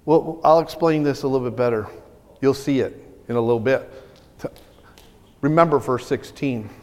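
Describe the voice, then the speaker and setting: A high-pitched male pastor delivers a lively sermon in a church sanctuary. He talks with excitable energy and often restarts his sentences. A long hall reverb trails after his voice. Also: normal speed, long pauses. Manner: animated, excitable preaching with many restarts.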